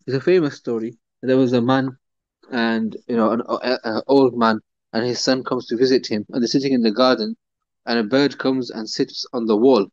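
A religious teacher gives a Quran commentary lesson in a conversational style, full of fillers and restarts. His voice is mid-range with a darkish tone, and the recording is dull and dry with no echo.

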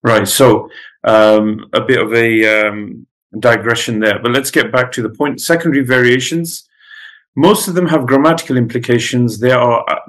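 A man's voice: mid-range voice, fairly even intonation, moderate pace, a bit bright, rough recording. A man whose first language is Pashto, lecturing students in a conversational way with many fillers and restarts. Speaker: teacher.

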